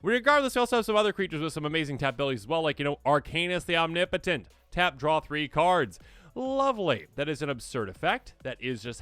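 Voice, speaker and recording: Excitable man with lively, bright voice. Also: fast, clean tone, no echo. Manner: excitable, acts out players' reactions in squeaky voices. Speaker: host. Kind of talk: enthusiastic card game deck overview.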